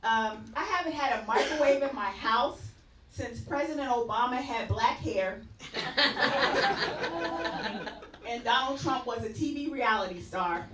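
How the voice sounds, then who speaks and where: A woman's voice: a little high, measured pace, echoey room, distant mic, noisy background. A woman doing a stand-up comedy set on a club stage, chatty and laughing at her own punchlines.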